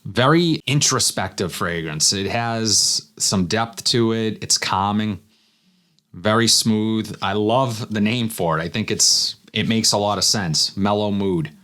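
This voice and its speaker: A man with a fairly low voice talks through his first impressions of fragrances. He sounds relaxed and thinks aloud as he goes. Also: unhurried. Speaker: fragrance reviewer. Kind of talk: casual first-impressions review.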